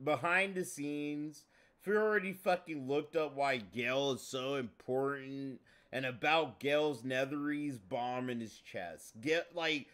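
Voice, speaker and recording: A man commenting on a gameplay video in casual, profane chat, excitable and swearing often. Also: mid-range voice, a little slow. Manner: excitable, swears a lot, says bro often. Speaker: streamer reacting to a gameplay video.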